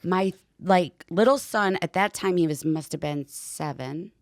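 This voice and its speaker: A woman, a podcast guest, telling a story in a casual, animated way with lots of "like" and swearing. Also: on the low side, measured pace, dry recording, clean studio sound. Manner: animated, heavy use of "like" and swearing. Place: podcast studio.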